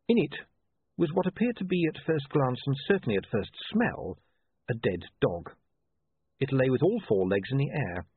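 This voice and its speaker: A man narrating a story as an expressive reader, with dry wit. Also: mid-range voice, husky, no room sound. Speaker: audiobook narrator. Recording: dry, tinny phone-like line.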